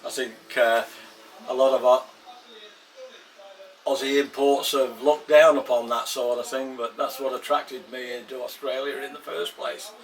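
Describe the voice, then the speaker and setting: In his home kitchen, an English home cooking vlogger with an English accent chats casually to the camera, rambling and repeating himself. His mid-range voice holds a steady tone at a moderate pace.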